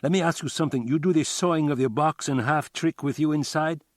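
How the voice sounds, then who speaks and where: A cagey Cuban man with a Cuban accent, posing as a magician over the phone, as an audiobook narrator puts him on. His phrasing is formal and halting, pitched above the narrator's own voice. The sound is dry and close. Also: no room sound, close to an everyday voice.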